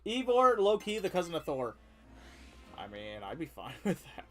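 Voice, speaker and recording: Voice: medium pitch, sing-song, moderate pace, faint music behind. A game streamer chatting casually while playing, rambling and laughing, often cutting off mid-word. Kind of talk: casual gameplay chat.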